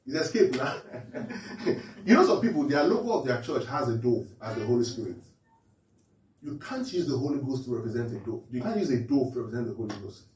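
A man with a mid-range, slightly mellow voice preaches a little fast in a sing-song manner. As a pastor delivering an interactive Bible lesson, he keeps quizzing listeners with repeated questions, recorded from afar in an echoey space.

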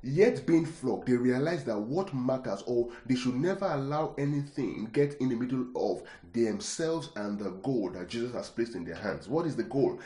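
A man's voice: medium pitch, mellow. A man preaching a sermon, repeating words for emphasis and checking in with rhetorical questions. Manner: keeps asking the congregation rhetorical questions. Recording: echoey room.

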